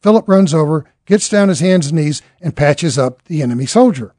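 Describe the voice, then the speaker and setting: A man's voice: fairly high pitch, animated, moderate pace, dark tone, no room sound, studio quality. A man telling a dramatic story in an earnest way, acting out the characters' lines as he goes.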